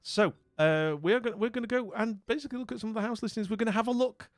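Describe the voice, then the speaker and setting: Speaking fast and high, a man from northern England rambles through a casual live-stream chat with friendly greetings and frequent restarts. He seems slightly worn down from a recent illness. The audio is studio quality with no echo.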